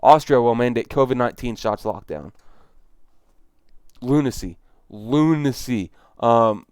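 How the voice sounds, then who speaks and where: A man's voice: medium pitch, smooth, dry recording, clean studio sound. A man giving casual, exasperated commentary on news clips, repeating his points for emphasis. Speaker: video commentator.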